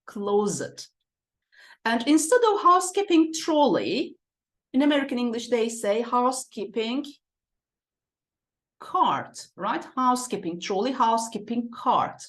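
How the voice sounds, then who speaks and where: Woman teacher, fairly high voice, slow and drawn-out, repeats each word. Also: very animated. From Turkey. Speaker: English teacher. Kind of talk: online lesson walkthrough.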